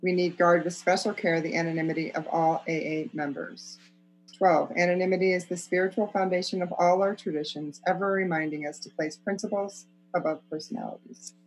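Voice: medium pitch, steady tone, brisk, breathy edge, rough recording. A speaker reading a set text aloud at a meeting, stumbling over the words. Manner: stumbling read. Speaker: reader of the traditions.

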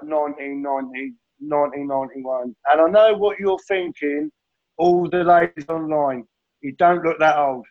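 A man's voice: a little high, muffled recording. A middle-aged man sharing his addiction recovery story in a rambling, blunt way, swearing and saying mate constantly.

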